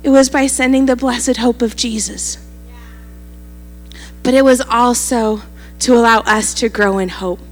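A woman's voice: on the high side, fairly even intonation, a little slow, pauses often, long reverb tail. A woman pastor preaching a sermon, telling a story animatedly and acting out the quoted lines.

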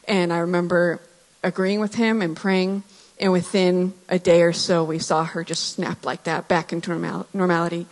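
A woman in her thirties giving a personal testimony in church, earnest and reflective, with pauses and restarts. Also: lowish voice, flat delivery. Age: 30s. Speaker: church speaker sharing testimony. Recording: hall reverb.

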